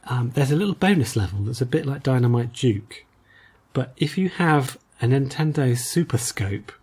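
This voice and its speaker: Rambling husky man chatting games. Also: mid-range voice, expressive, moderate pace, darkish tone. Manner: rambling, hesitant, many fillers and restarts. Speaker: podcast co-host. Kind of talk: casual chat about retro games.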